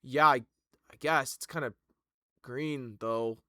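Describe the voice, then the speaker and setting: A man's voice: medium pitch, slow pace, sharp tone, no echo, clean studio sound, pitched below the performer's own voice. A man doing a nervous stammering guard. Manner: stammering, hesitant. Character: nervous low-paid male guard.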